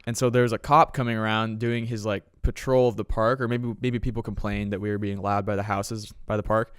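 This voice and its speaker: A man's voice: lowish voice, little pitch movement, brisk, clean tone, dry recording, clean studio sound. A young man co-hosting a casual podcast, telling a story in a laid-back way and laughing along. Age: young adult. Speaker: podcast co-host. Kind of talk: casual chat.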